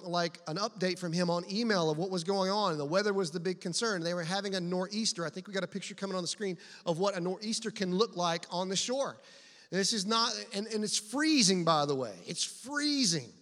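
A man preaching a sermon, telling personal stories in an animated, conversational way. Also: high voice. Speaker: pastor. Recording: long reverb of a large hall.

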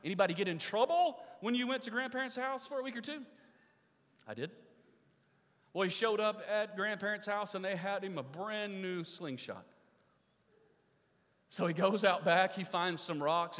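A pastor preaching in an echoing hall. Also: male voice, sits high, moderate pace. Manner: animated storyteller, asks the congregation questions. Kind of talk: sermon with story and closing prayer. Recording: long reverb of a large hall.

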